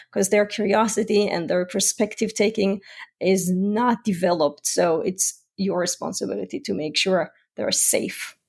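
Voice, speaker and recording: A woman hosting a solo parenting podcast as a parent coach, explaining calmly with everyday examples. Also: medium pitch, vocal fry. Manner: calm, explanatory, gives examples.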